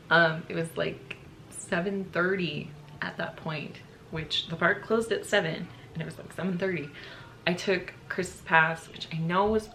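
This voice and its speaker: A woman's voice: lowish voice, sharp tone, a little hiss or hum. A young woman telling a personal storytime to her channel, emotional and choking up as she talks. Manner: emotional, choking up and laughing through tears. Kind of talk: casual storytime.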